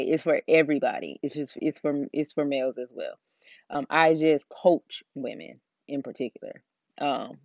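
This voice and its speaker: A woman's voice: sits low, a little mellow, dry recording. Southern lady rambling through her christian coaching podcast, lots of ums, kinda muffled dry audio. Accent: Southern American. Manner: chatty, rambling, frequent fillers. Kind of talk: casual solo podcast talk. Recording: dull, dry lo-fi recording.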